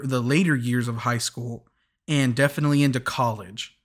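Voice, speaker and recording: A man's voice: mid-range voice, a bit bright. A young man hosting a podcast, rambling through a casual recap with lots of chuckles, restarts and asides. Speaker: podcast host.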